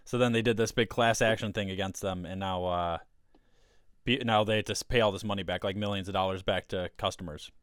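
A man's voice: lowish voice, steady tone, a bit bright, smooth, dry recording, clean studio sound. A man hosting a casual podcast chat, rambling and easygoing, with a co-host calling in by phone. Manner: rambling, easygoing, quick to laugh. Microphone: computer mic, with a co-host on a phone call.

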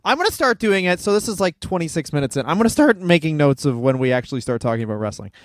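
A man, a comedian, co-hosting a podcast in fast, profane, self-mocking banter. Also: on the high side, very animated, heavy background noise.

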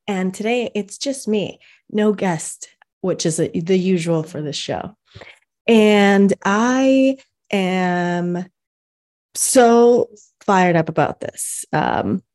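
A woman's voice: fairly low pitch, darkish tone. A woman in her thirties hosting a solo podcast from home, talking casually and energetically about business, with frequent fillers. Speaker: podcast host and business coach.

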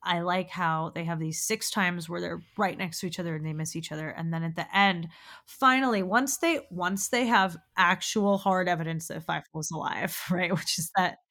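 A woman co-host in casual conversation about an old animated film, her voice sitting a little low for a woman. She talks in an animated way, laughs often and swears without care. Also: normal speed. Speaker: podcast co-host. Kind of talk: casual film discussion chat.

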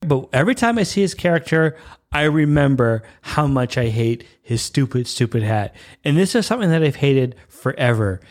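A man in his thirties from Canada talks through a solo podcast rant. He rambles, interrupts himself, and his pitch jumps around a lot. His voice sits at an ordinary middle pitch. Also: normal speed. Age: 30s. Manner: animated, rambling, self-interrupting, swings pitch up when irritated. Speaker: podcast host. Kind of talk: casual monologue rant.

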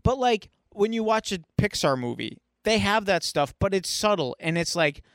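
Podcast co-host, man, high voice, swears freely, animated retelling, dry close mic. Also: moderate pace, no room sound. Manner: animated, profane storytelling. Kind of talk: casual chat.

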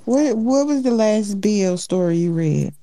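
A woman's voice: mid-range voice, lively intonation, unhurried, mellow, no echo. A woman co-hosting a casual podcast, pressing others with pointed questions. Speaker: podcast co-host.

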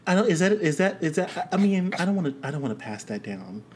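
Lively teasing podcast co-host. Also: mid-range voice, fast, slight background noise. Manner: teasing, playful, stumbles over words. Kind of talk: casual chat.

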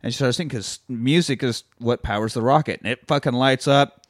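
A man's voice: brisk, no echo, clean studio sound. A man in his thirties casually recapping a film, swearing freely and acting out the characters. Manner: animated storyteller, swears freely, acts out characters in high voices. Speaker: podcast co-host.

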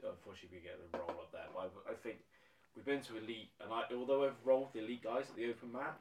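A man in a casual podcast chat who talks bluntly and swears freely, getting excited as he talks. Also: fairly low pitch, rapid-fire, slight background noise. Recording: roomy sound, distant from mic.

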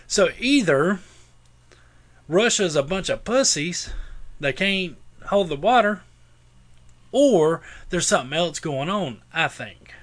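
A man's voice: high-pitched, animated, slow, long pauses, fairly bright tone. A man talking bluntly and profanely in a casual podcast chat, laying out a theory. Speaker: podcast co-host.

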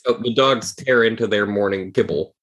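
A man narrating a tabletop game as game master, describing scenes calmly. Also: fairly low pitch, moderate pace.

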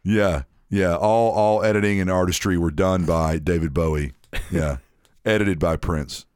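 Casting: low-voiced guy, rambly swearing co-host, dry close-mic sound. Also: a little slow, darkish tone, clear, resonant tone, no echo. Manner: rambling, profane, trails off mid-sentence. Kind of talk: casual chat.

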